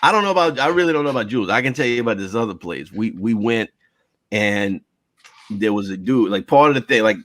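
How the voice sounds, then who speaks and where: A man telling stories as a guest on a casual podcast, animated and full of swearing, laughing often as he talks. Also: on the low side, fast, no echo. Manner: profane, animated storyteller who laughs often. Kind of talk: casual storytelling chat.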